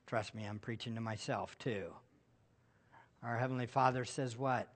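A man's voice: medium pitch, fairly even intonation, normal speed. A middle-aged male pastor preaching a sermon, asking the congregation rhetorical questions.

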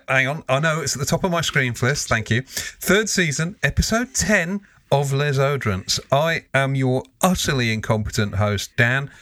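A man's voice: medium pitch, fairly bright tone, dry recording. A man hosting a casual podcast, swearing freely and laughing often. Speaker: podcast host. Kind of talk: casual chat.

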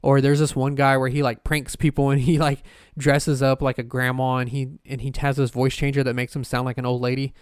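A man's voice: mid-range voice, little pitch movement, a little fast, hardly any pauses, clear, resonant tone, no room sound, studio quality. A man hosting a casual solo podcast, rambling with lots of fillers, restarts and swearing. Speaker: podcast host.

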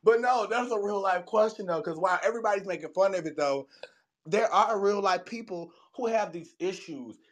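A man with a high-pitched voice hosts a morning podcast. He talks casually and energetically and laughs often with his guests. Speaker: podcast host.

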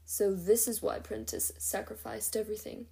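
Woman doing a hushed, awed elf official. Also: medium pitch, fairly even intonation, moderate pace, lightly acted.

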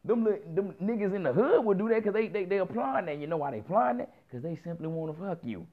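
A man's voice: sits high, fast. A man in his thirties telling a story in a casual rant, heavy on slang, profanity and acted-out quotes. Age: 30s. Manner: profane, animated, lots of quoted dialogue and slang. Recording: muffled lo-fi recording.

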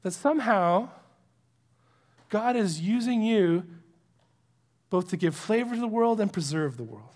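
Male pastor, high-pitched, conversational sermon delivery with hushed asides. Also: lively intonation, measured pace, long pauses. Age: adult with young children. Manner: conversational and earnest, drops to a hush for emphasis.

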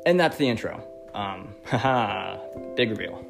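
Low-voiced guy rambling and ranting, lots of ums, guitar playing behind him. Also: lively intonation, measured pace, creaky. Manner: rambling, filler-heavy, ranting and profane. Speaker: commentary host. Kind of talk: casual reaction commentary.

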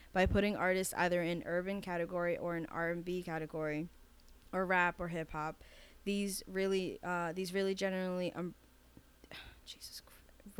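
A woman's voice: fairly low pitch, clear, resonant tone. A woman co-hosting a podcast, chatting candidly and swearing freely. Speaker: podcast co-host. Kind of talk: casual chat.

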